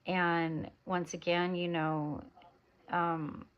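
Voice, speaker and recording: A woman's voice: fairly low pitch, flat delivery, drawn-out words, clear, resonant tone. A woman with an American accent speaking in a meandering spiritual monologue, drifting between topics with lots of fillers. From United States. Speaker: spiritual vlogger. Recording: dull lo-fi recording.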